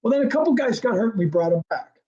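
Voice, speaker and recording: An older man who once worked as a football coordinator tells a story as an interview guest, his voice extremely high and fast on a muffled recording. He's an animated storyteller who acts out quoted dialogue and laughs often.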